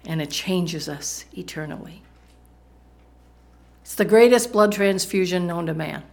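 A woman's voice: on the low side, unhurried, gravelly, darkish tone. A woman preaching a sermon in a conversational way, often asking the congregation questions.

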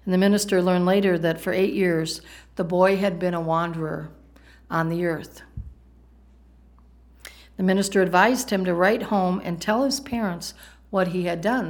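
A middle-aged woman from the United States preaching a sermon, telling a story with humorous asides to the congregation. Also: fairly low pitch.

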